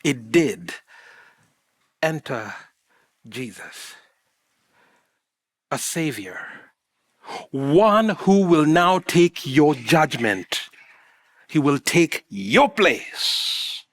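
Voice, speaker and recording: A middle-aged man preaching a sermon in a church, animated and acting out little scenes and asides to the congregation. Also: on the high side, very slow, pauses often. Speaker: pastor.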